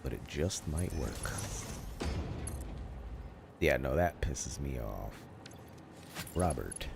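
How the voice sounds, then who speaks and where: A man's voice: extremely low pitch, lively intonation, takes it slowly, vocal fry, noisy background. A man streaming a factory-building game, muttering to himself, cursing and laughing at his own mistakes. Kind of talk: casual live gameplay commentary.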